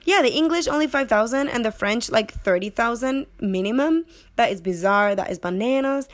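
A woman's voice: on the high side, lively intonation, normal speed. Young woman, casual film-review vlogger, under the weather and a little breathless; chatty and digressive, playful, swears casually. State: sick, short of breath, coughing. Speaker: movie reviewer.

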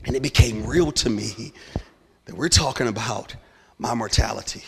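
A man's voice: medium pitch, animated, a little slow, vocal fry, pauses often, slight background noise. Impassioned preacher man in a reverberant church. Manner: impassioned, building to loud declarations. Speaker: guest preacher. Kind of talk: sermon. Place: church sanctuary. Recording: long hall reverb.

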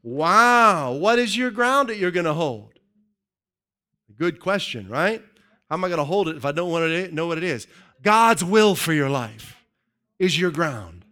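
A man preaching a sermon to his congregation in an energetic, joking way that keeps calling out to the crowd. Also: a little high, a little slow. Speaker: pastor.

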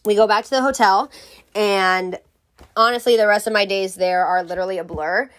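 A woman's voice: medium pitch, fairly even intonation, normal speed, a bit bright. A young woman telling a storytime vlog in a blunt, exasperated, profane way. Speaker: vlogger.

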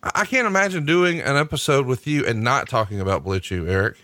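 Bright dry-sounding podcast guy doing an ad read and chatting loose. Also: mid-range voice, expressive, fast, dry recording. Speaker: podcast co-host. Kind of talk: casual podcast chat and ad read.

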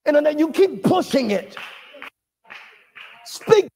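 A man preaching a charismatic sermon, shouting in a sing-song cadence, calling for responses and breaking into tongues. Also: very high-pitched, big pitch swings, slow pace, vocal fry. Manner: calls for congregation responses.

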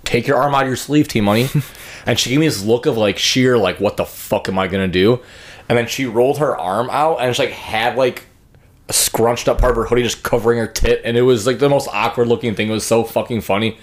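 A man's voice: medium pitch, steady tone, a little fast. A man in his twenties, hosting a podcast, telling profane stories in a rambling, casual way and acting out what others said. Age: 20s. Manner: profane, rambling storyteller who acts out others' lines. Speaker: podcast host. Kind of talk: crude casual chat.

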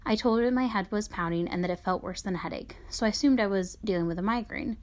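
A woman reading her own memoir aloud in a soft, subdued voice that sometimes drops to a near whisper. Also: mid-range voice, fast.

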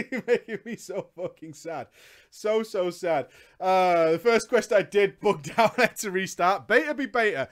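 A young man talking casually on a live stream, excitable and swearing freely, ranting in bursts. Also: high voice, unhurried.

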